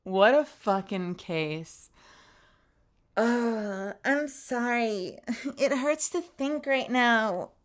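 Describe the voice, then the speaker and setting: A woman's voice: fairly high pitch, expressive, very slow. A young woman streamer with a tired, strained voice, chatting animatedly, laughing and swearing freely. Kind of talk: casual stream outro chat.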